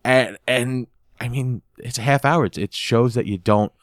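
A man talks through a sitcom episode he loves, giggling as he tells it and often stumbling over repeated words. His voice sits at an ordinary middle pitch. The recording is dry and close, with no room sound around him. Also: normal speed, no room sound. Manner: animated storytelling, giggles often, repeats words while he searches for them. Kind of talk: casual episode recap.

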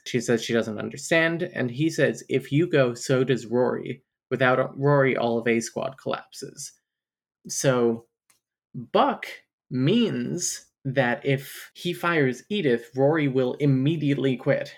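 A woman's voice: a bass voice, measured pace. A woman co-hosting a podcast, recapping a romance novel in a wry, candid way and laughing often. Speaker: podcast co-host. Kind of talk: casual book discussion chat.

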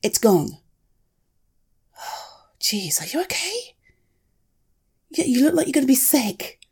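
A woman plays a caring young woman in an audio role-play, soothing a frightened friend with gentle, repeated reassurances. Her voice sits a little high and swings widely in pitch. She speaks slowly and unhurriedly. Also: animated, creaky, slightly rough, heavily acted. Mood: comforting.

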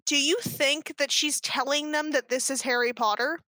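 Bright, high-voiced sarcastic young woman. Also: moderate pace, no echo. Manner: animated, sarcastic, many "like"s. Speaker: podcast co-host. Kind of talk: casual chat, reading fan fiction aloud.

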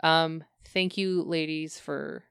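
Woman podcast co-host, lowish smooth voice, giggly and rambling, dry close mic. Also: fairly even intonation, takes it slowly, a bit bright, no room sound. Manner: giggly, rambling, self-mocking. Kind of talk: casual chat. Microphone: compact podcast mic.

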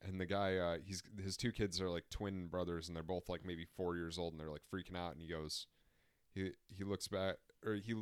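A young man with a lowish voice tells meandering stories on a casual podcast, stacking fillers as he goes. The recording is dry and close. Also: fairly even intonation, moderate pace, clear, resonant tone, no room sound. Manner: storytelling with many "like" fillers. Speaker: podcast co-host.

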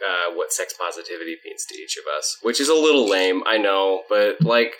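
Bright-voiced man co-hosting a podcast. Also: low-pitched, expressive, a little fast, slight background noise. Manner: joking, self-mocking, turns earnest when explaining. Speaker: podcast co-host. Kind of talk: casual podcast chat.

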